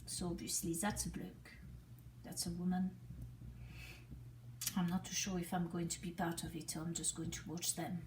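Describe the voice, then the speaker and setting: A woman vlogging alone, talking softly and hesitantly and often dropping into a whisper. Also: lowish voice, flat delivery, moderate pace. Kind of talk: improvised solo vlog. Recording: echoey room, distant mic, faint noise.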